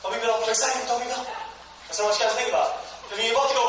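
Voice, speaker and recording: Male sales trainer, high and bright, quips and asides, recorded from afar in a reverberant hall with faint hiss. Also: steady tone, racing. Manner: joking storyteller, addresses the audience directly. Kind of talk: motivational training talk. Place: lecture room at a regional event. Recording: echoey room, distant mic, faint hiss.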